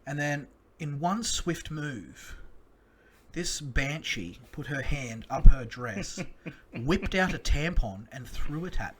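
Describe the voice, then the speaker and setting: An Australian man co-hosting a casual sports podcast, telling crude stories with animated delivery. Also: on the high side, slow, a little hiss or hum. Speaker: podcast co-host.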